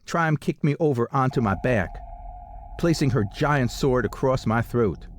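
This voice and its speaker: A man reading a first-person fantasy story aloud in a steady, dramatic storytelling manner. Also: mid-range voice, slight background noise. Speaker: audiobook narrator.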